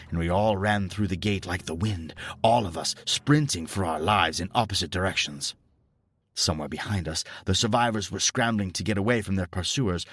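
A man reading a scripted horror story in a steady, grave storytelling manner. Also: deep voice, no room sound, clean studio sound. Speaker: narrator.

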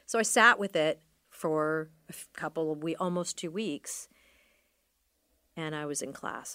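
Middle-aged woman, lowish voice, dry close sound, rambly halting storytelling. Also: fairly even intonation, sharp tone, dry recording. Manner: halting, trailing off, many fillers. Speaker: interview guest. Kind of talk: reflective personal storytelling.

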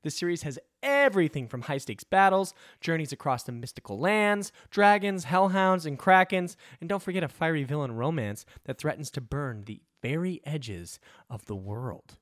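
A man's voice: a little high, expressive, normal speed, few pauses, a bit bright, no echo, clean studio sound. A man, the show's host, reading sponsor ads with an upbeat, emphatic delivery. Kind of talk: ad read.

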